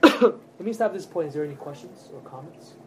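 A man teaching a Bible study class, earnest and emphatic, often checking in with his listeners with quick tag questions. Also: fairly high pitch, expressive, background noise.

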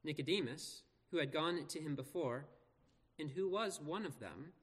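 A man preaching in an earnest, measured way, leaning on slow pauses for emphasis. His voice sits a little higher than most men's. The words ring out with the long reverb of a big church hall. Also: animated, slightly rough. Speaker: pastor. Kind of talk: scripture reading and sermon.

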